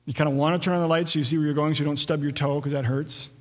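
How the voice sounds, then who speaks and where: Pastor, male, slightly higher voice, preaching a sermon with a long hall echo. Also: fairly even intonation, rapid-fire. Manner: expository preaching, acts out quoted voices.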